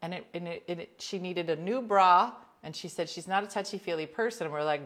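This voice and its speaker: Blunt chatty woman host, lowish voice. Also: brisk, a bit bright. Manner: chatty, blunt, jokey, addresses viewers by name. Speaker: livestream host reading viewer comments. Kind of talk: casual chat with viewers.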